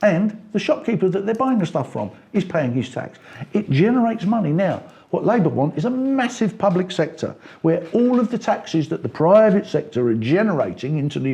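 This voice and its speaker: A middle-aged man from England, talking politics in an interview, getting animated and climbing in pitch as he makes his points. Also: vocal fry. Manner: animated, rising pitch when making points. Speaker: party member interviewee.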